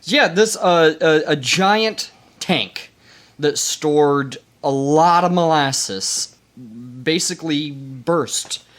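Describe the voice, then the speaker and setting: A man's voice: a little high, slow, a bit bright. A young man co-hosting a comedic history podcast, explaining facts in a loose, joking way with the odd swear. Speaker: podcast co-host.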